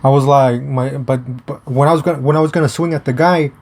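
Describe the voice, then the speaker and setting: A man's voice: medium pitch, steady tone, a little fast, darkish tone. A young man telling a story in a casual, rambling way, with swearing and many fillers and restarts. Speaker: vlogger. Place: outdoors.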